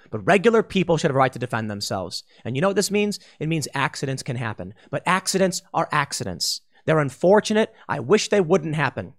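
A host delivers a political commentary monologue in a slightly raised, fairly bright voice. He argues bluntly and casually, occasionally slipping into mocking voices to make his point.

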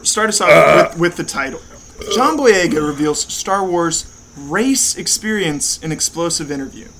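A man with a high, bright, ringing voice chats loosely as a podcast co-host. He swears freely, laughs often and trips over fillers and restarts. A faint hiss sits under the voice. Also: lively intonation, creaky, low-quality recording. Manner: profane, laughing, halting with fillers. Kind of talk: casual chat.

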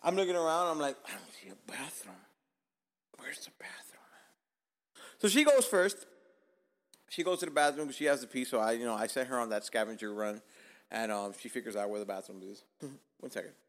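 A young man tells a long story on his podcast. He talks casually and swears a lot. He drops to a whisper or jumps up in pitch when he acts out his own lines. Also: lively intonation, quick pace. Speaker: podcast host.

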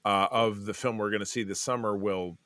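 A man's voice: fairly low pitch, fairly even intonation, a little fast, a bit bright, no room sound, clean studio sound. A man co-hosting a casual podcast, talking in a loose, rambling way with restarts and fillers. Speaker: podcast co-host. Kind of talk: casual chat.

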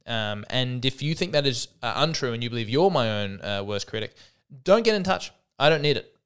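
A man's voice: medium pitch, expressive, fairly quick, a bit bright, clean tone. A man with an Australian accent, hosting a solo comedy podcast in a wry, self-deprecating, rambling monologue.

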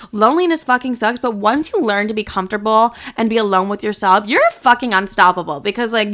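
A young woman hosts a candid podcast monologue, speaking straight to camera. Her voice is bright and sharp-edged, with a smooth, crisp clarity. She talks passionately, swears freely and leans on "like" throughout. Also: mid-range voice. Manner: candid, heavy swearing and filler "like"; passionate, animated storytelling. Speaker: podcast host.

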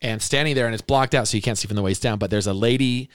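A man's voice: mid-range voice, fast, smooth, dry recording, clean studio sound. A man hosting a casual interview podcast, rambling and often correcting himself with fillers. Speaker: podcast host.

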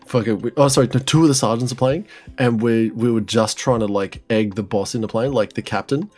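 A man's voice: mid-range voice, brisk. A young man co-hosting a podcast, chatting casually and telling a story with lots of swearing and laughter. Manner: excitable, swears freely, laughs a lot. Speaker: podcast co-host.

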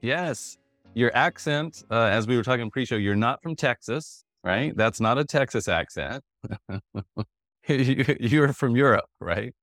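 A man's voice: medium pitch, expressive, measured pace, a bit bright, dry recording, clean studio sound, faint music behind. A man in his fifties hosting a podcast, talking in a jovial, rambling way and laughing often. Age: 50s. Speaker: podcast host. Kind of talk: conversational interview.

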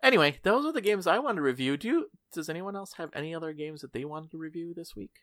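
A man co-hosting a casual podcast chat who cuts in with quick, curious questions. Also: on the high side, lively intonation, a bit bright, no echo, clean studio sound. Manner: inquisitive, interjecting with quick questions. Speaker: podcast co-host.

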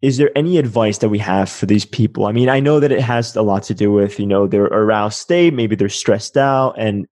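Chatty host with Spanish as first language. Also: male voice, fairly low pitch, brisk, few pauses, a little mellow, no room sound. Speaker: podcast host. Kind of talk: casual interview chat.

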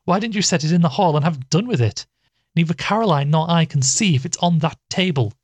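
A peremptory, impatient woman speaks in a raised, clipped voice, as a male narrator puts her on. She scolds in a storybook reading, her tone sharp and demanding, with a husky edge to the sound. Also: on the high side, lively intonation, moderate pace, no echo, voice pushed up. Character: impatient sharp-tongued woman sewing for a funeral.

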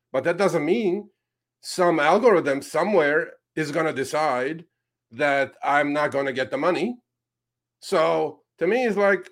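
Male co-host, rideshare driver; animated sarcastic rant, somewhat raised pitch, loose casual delivery. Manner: ranting, sarcastic, frequent fillers and restarts.

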